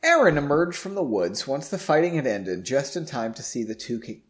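A man's voice: mid-range voice, very animated, normal speed. Self-mocking man reading aloud. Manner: self-mocking, chatty, laughs at himself. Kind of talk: reading aloud with joking asides.

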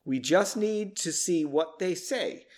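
A man voicing Ted, a young, courteous male aide who speaks quietly, while reading a story aloud. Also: high voice, expressive, slow. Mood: polite.

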